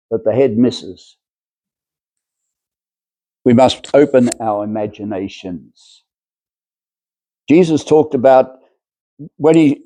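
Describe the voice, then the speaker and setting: Man, spiritual lecture, mellow dark tone, rambling, hesitant, lots of fillers. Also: mid-range voice, dry recording.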